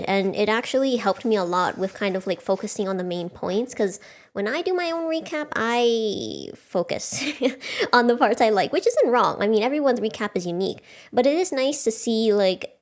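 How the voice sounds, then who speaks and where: Bubbly woman hosting a book club stream. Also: fairly high pitch. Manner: chatty, bubbly, laughs often. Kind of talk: casual livestream chat.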